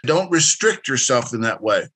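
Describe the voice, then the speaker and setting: A man leads an interactive career workshop lecture, speaking directly, instructively and encouragingly while drawing answers from participants. His voice is medium-pitched and husky, a little bright, with wide swings in pitch at a normal speed.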